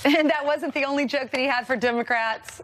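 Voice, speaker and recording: A woman co-hosting a morning TV show with quick, playful banter. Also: high voice, a bit bright.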